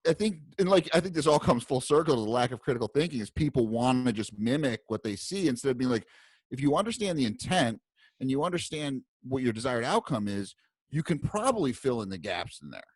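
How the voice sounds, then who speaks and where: A man's voice: medium pitch, very animated, fairly quick, husky, no room sound. A man co-hosting a podcast, rambling through stories with laughs along the way. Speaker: podcast co-host. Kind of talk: casual podcast chat.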